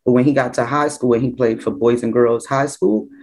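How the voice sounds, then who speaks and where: A woman's voice: very deep voice, brisk. New mother telling her story. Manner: conversational, full of "like", lively when quoting others. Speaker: interviewee, mother. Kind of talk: personal storytelling in an interview.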